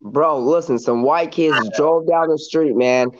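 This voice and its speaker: Man, casual podcast chat, animated storytelling, higher pitch, muffled lo-fi recording. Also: unhurried, noisy background. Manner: animated storytelling, repeats "listen" and "bro".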